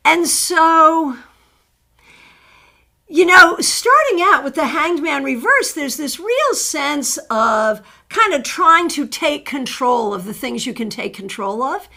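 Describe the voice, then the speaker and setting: A middle-aged woman hosting a live tarot stream, chatting warmly as she greets viewers by name and reads their cards. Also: high-pitched, big pitch swings, slow pace, gravelly.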